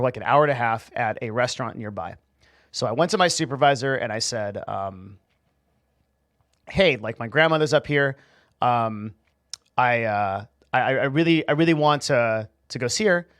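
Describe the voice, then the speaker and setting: Fast-talking young man, rambling story. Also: medium pitch, a bit bright, no room sound, studio quality. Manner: rambling, profane, many restarts. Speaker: streamer telling a personal story. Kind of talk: casual storytelling.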